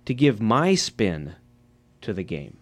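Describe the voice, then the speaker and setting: Low-voiced, reflective man on a podcast. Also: sing-song, takes it slowly. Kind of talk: casual gaming podcast chat.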